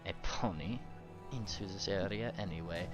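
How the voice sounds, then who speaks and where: A man's voice: deep voice, normal speed, over loud music, natural voice. A man voicing a haughty male guard, a winged creature with paws, mocking and scoffing. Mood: condescending.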